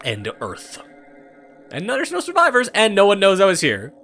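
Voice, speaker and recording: A young man giving irreverent let's-play commentary, animated and swearing freely. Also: high-pitched, moderate pace, faint music behind. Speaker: gameplay commentator.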